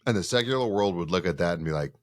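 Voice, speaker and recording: A seminarian talking in a casual podcast chat, telling stories with lively acted-out dialogue. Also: male voice, sits low, very fast, no echo, clean studio sound. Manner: animated storyteller who acts out quoted dialogue.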